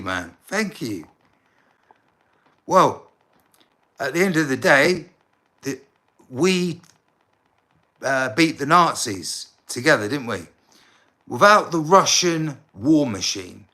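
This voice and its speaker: A man from England, chatting casually on a live stream, rambling and halting, often calling the viewer mate. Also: mid-range voice, sharp tone. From southern England. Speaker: livestreamer.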